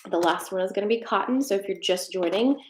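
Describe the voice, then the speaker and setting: A woman's voice: mid-range voice, fast talker, roomy sound, slight background noise. A woman hosting a live-stream tarot card reading, chatty and rambling with fillers, a little out of breath. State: slightly out of breath. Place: home desk with a treadmill.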